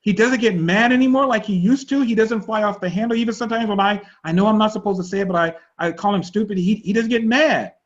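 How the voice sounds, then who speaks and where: A man's voice: fast, few pauses, natural voice. A man putting on a relieved, puzzled wife. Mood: relieved, amused. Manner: higher, lively quoted voice. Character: grown woman, a relieved but puzzled wife. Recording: dull lo-fi online call audio.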